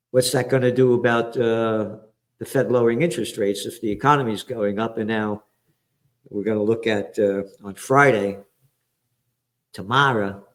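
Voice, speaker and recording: A man from the Bronx, hosting a profane, combative current-affairs commentary. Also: lowish voice. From the Bronx, New York. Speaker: trends forecaster and show host.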